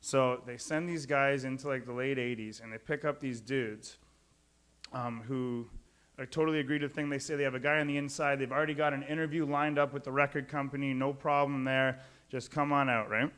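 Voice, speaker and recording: A man's voice: mid-range voice, fairly even intonation, a little fast, a bit bright. A man doing stand-up on a live stage, chatting loosely with the crowd and laughing at his own jokes. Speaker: stand-up comedian.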